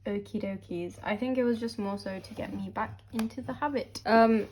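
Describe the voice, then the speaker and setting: A woman's voice: mid-range voice, fairly even intonation, normal speed, a little mellow, a little hiss or hum. A young woman talks through her drawing work in a loose, rambling vlog voice. She is playful, full of silly slang and offhand asides. She sounds a little tired and out of breath. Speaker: webcomic artist. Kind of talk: casual studio vlog.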